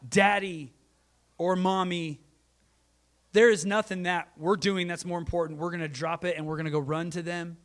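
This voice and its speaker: A man in his thirties preaching a sermon, earnest, moving between loud emphasis and quiet, soft asides. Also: a little high. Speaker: pastor.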